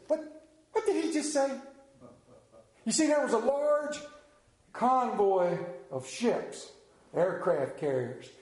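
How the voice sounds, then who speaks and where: Animated high-voiced man preaching in an echoey hall. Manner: animated storyteller, acts out voices. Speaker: pastor. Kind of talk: sermon. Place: church hall with congregation. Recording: roomy echoing hall.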